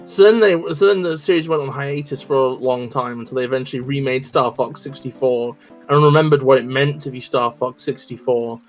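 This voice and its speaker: A man's voice: medium pitch, fairly even intonation, brisk, hardly any pauses, faint music behind. A man co-hosting a game stream, chatting casually with joking, profane, rambling riffs. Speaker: stream co-host. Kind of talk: casual chat while gaming.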